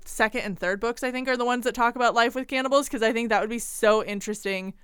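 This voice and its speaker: A young woman with a very smooth, clean, slightly high voice chats casually on a podcast, full of "like" and "um" and quick giggles. She is miked close in a dry space with no echo. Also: fairly bright tone. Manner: chatty, giggly, lots of fillers. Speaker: podcast co-host. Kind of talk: casual chat, retelling history.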